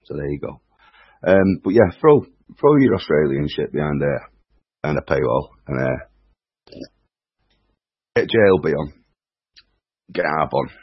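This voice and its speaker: A man's voice: rumbling low, animated, measured pace, long pauses, slightly rough, no room sound. A man hosting a podcast in casual, rambling chat, joking and hesitating with many fillers. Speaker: podcast host. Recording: dull lo-fi dry audio.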